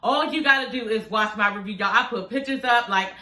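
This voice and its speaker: A chatty woman recapping a TV episode, her voice bright and a bit high. She swears freely, laughs a lot and keeps talking straight to her viewers. The sound bounces around a roomy, echoey space. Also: a little fast. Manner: chatty, profane, keeps addressing viewers as y'all and girl; laughs often while talking. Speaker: show recap vlogger. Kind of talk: casual TV episode review.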